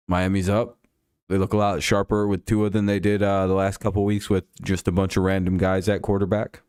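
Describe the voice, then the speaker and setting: Low-voiced man chatting on a live stream. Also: level tone, a little fast, darkish tone, clear, resonant tone, dry recording, studio quality. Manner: rambling, laughs often, swears casually. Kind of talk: casual live-stream chat and game commentary.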